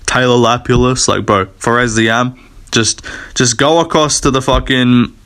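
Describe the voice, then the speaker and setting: A man's voice: medium pitch, fairly bright tone, smooth. A young man hosting a video, giving casual off-the-cuff commentary in a rambling, profane, hyped-up way. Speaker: video host.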